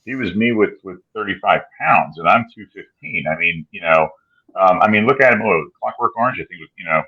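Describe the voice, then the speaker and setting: Husky low-voiced man, lo-fi sound. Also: animated, fairly quick. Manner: musing, hedging with "I mean". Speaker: podcast co-host. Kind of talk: casual chat. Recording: dull lo-fi sound.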